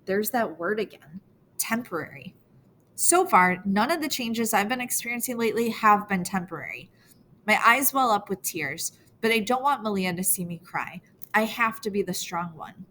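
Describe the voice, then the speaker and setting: A woman's voice: mid-range voice, lively intonation, moderate pace, pushed and bright, slight background noise. Woman narrating a teen girl's story. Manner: earnest, emotional first-person reading. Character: teenage girl telling her own story. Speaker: audiobook narrator. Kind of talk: first-person novel narration.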